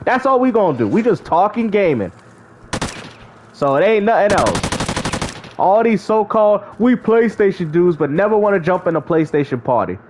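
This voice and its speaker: A man's voice: high-pitched, big pitch swings, moderate pace, a little hiss or hum. A man streaming live, casually bantering and mocking rival gamers, laughing often as he talks. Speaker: gaming streamer.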